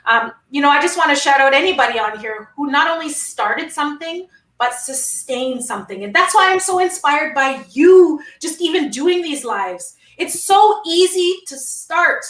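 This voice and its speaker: A bright, high-voiced woman speaks as a guest in an inspirational conversation, building her points through rhythmic, emphatic repetition. Her audio sounds roomy and a little distant from the mic. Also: animated, normal speed, few pauses. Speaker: guest, founder of a women's network.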